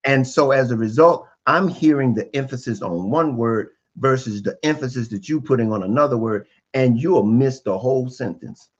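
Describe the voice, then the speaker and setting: A man's voice: mid-range voice, moderate pace, hardly any pauses, highs cut off. A man, a guest relationship expert on a podcast, explaining emphatically and restating his points again and again.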